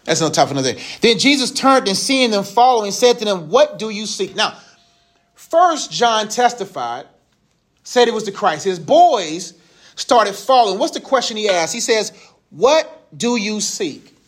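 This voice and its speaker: A man's voice: high-pitched, sing-song, moderate pace, a bit bright. A man in his thirties giving a casual, joking Bible lesson to a youth group. He uses slang and asks the group questions.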